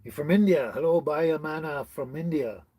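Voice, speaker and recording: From a tiny house on wheels, a man hosts an easygoing livestream where he greets people and reads their comments, laughing often and mixing up names. His warm voice is a little high, and he talks at a normal speed.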